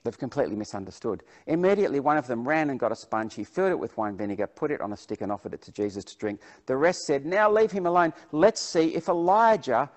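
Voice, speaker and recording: A man preaching to his congregation, reading passages aloud and then unpacking them. His voice sits at a medium pitch. He reads with plain emphasis and explains in an everyday spoken manner. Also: lively intonation, fast, hardly any pauses, darkish tone. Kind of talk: sermon with Bible reading.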